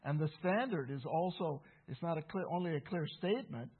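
A man's voice: a little high, animated, a little fast, husky. A man preaching a sermon, earnest and emphatic, repeating key phrases for weight. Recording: tinny phone-like sound.

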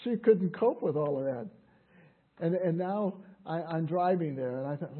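An older man preaching a sermon as a pastor, telling personal stories in an earnest, halting way with many restarts. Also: on the high side, husky. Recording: tinny phone-like sound.

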